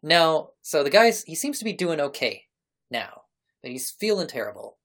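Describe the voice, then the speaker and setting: A woman's voice: deep voice, big pitch swings, moderate pace. A woman running a tabletop role-playing game, describing scenes and explaining details at a leisurely pace. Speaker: game master.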